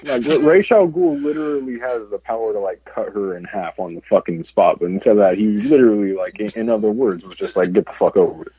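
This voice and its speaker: A man's voice: lowish voice, animated, a little fast, hardly any pauses, mellow, a little hiss or hum, rough recording. A man co-hosting a podcast, chiming in with jokes and profane remarks in casual chat. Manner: joking, profane interjections. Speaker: podcast co-host.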